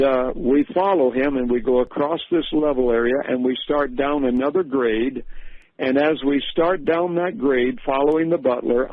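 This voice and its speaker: A man recounting a vision on a radio show in an unhurried way, with many fillers and restarts, heard over a tinny phone-like line. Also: medium pitch, no room sound.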